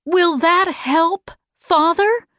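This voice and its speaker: A woman's voice: very high voice, extremely slow, sharp tone, dry recording, clean studio sound, pitched above the performer's own voice, exaggerated voice. A woman voicing an anxious young girl pleading with urgency in an audiobook. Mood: urgent. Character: anxious, stubborn young girl desperate for her father.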